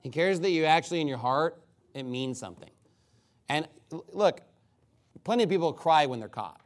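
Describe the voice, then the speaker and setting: A man preaching an expository sermon, animated and mocking, reading scripture aloud and breaking into impressions. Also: a little high, moderate pace.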